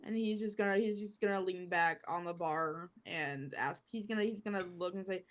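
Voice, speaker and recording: A woman's voice: fairly low pitch, moderate pace, few pauses. A woman playing a tabletop game, speaking hesitantly with frequent restarts. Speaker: player.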